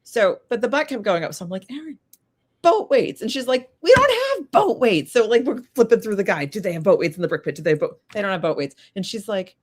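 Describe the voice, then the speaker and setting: A woman guest telling a story in casual chat, animated and acting out the voices of people in it. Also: medium pitch, quick pace, few pauses. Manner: animated, acts out quoted voices. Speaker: podcast guest.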